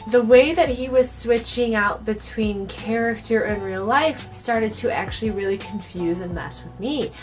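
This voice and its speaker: Chatty young woman telling a storytime. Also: medium pitch. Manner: chatty, filler-heavy with frequent "like". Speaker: cosplay vlogger. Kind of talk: casual storytime.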